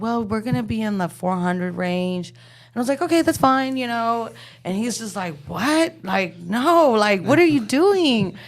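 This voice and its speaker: A Texan woman co-hosting a podcast chats casually in a lowish voice, telling stories as an animated storyteller who acts out plenty of quotes.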